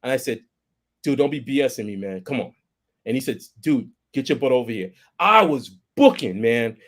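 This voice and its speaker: A man's voice: medium pitch, normal speed. A man on a casual podcast, telling a story with lots of restarts and quoted voices. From Boston, United States. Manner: animated, repeats words and restarts, acts out quoted voices. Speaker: podcast co-host.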